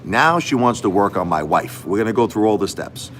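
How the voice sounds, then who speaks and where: A man's voice: lowish voice, animated, fairly quick, fairly bright tone, soft background music. A middle-aged man hosting a livestream, venting emphatically and repeating himself as he talks straight to his viewers. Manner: emphatic, repetitive, addresses viewers directly. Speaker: livestream host. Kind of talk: emotional livestream rant.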